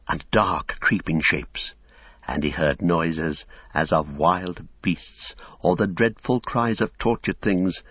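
Deep-voiced man reading a novel solemnly. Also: slightly rough, no echo, dull audio. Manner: measured, solemn storytelling. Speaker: audiobook narrator. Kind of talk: scripted narration of a novel.

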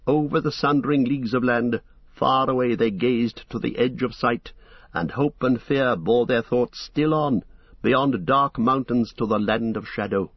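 A man narrating an audiobook in a steady, measured storytelling manner with a husky voice. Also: medium pitch, dry recording, highs cut off.

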